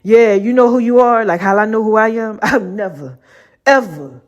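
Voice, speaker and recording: A woman hosts her own podcast, spinning a casual story full of slangy asides and frequent laughter. Her voice sits a little high for a woman and stays lively and loose. It sounds like relaxed, animated talk straight to her listeners. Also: moderate pace, highs cut off. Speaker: podcast host.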